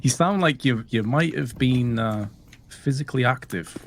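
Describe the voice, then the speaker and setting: A man giving measured, analytical color commentary on an esports match. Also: mid-range voice. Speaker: esports co-caster.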